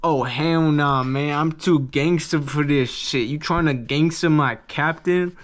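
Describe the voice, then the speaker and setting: A man's voice: a little high, measured pace, lightly acted. A man doing a brash, swaggering swordsman. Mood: defiant. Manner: gangster slang swagger. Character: tough male swordsman, brash.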